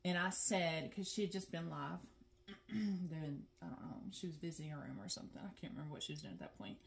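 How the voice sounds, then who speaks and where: Middle-aged woman, chatty vlog host, slightly low voice. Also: fairly quick, vocal fry, a little hiss or hum. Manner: chatty and animated, laughs often, says "girl" and "y'all". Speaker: flosstube host.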